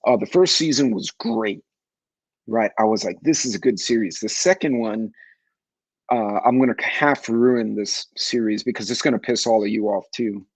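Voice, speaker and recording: A man's voice: on the low side, moderate pace, dry recording, rough recording. A man in his forties from New York City, hosting a casual livestream talk show and rambling as he answers viewer chat.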